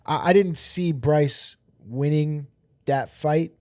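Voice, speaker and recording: A man's voice: on the high side, takes it slowly, dry recording, clean studio sound. A man hosting a casual podcast chat about fights, laid-back, swearing and laughing freely. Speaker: podcast host and MMA coach.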